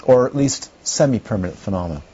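A middle-aged man gives a Buddhist philosophy lecture, wandering off into asides and checking in with his listeners. His voice is mellow and a little husky. The recording is dull and lo-fi. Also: on the low side, very animated, fast talker. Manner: rambling, conversational, checks in with listeners. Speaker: Buddhist teacher. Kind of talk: lecture to a class.

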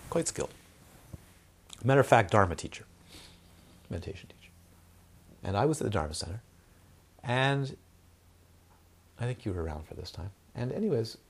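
Husky man giving a lively dharma talk. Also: fairly low pitch. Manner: storytelling with repetitions and acted-out quotes. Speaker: meditation teacher.

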